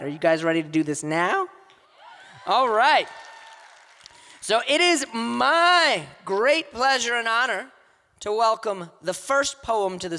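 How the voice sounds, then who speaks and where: A man's voice: high voice, fairly bright tone. A man hosting a live poetry slam on stage, hyping the crowd and reading out scores. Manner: hyping the crowd, call-and-response. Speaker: emcee of a youth poetry slam. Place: theater stage with audience. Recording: long reverb of a large venue.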